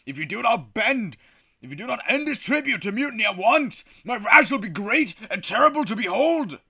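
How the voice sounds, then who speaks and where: A man voicing a wrathful male God who booms down from the sky in a comedy game reading, with thundering, indignant proclamations. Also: big pitch swings, normal speed, sharp tone, breathy edge, exaggerated voice.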